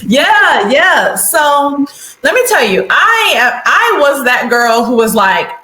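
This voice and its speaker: Bright, animated woman guest, higher voice, roomy room sound. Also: slow, slight background noise. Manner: animated, laughs often. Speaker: guest, leadership consultant. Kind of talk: conversational interview.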